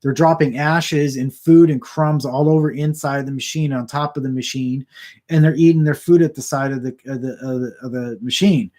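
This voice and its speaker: A man from Southern California talks casually to a camera about four feet away, in a medium-pitched, steady, slightly mellow voice at a moderate pace. He rambles, often restarting sentences and stammering repeats.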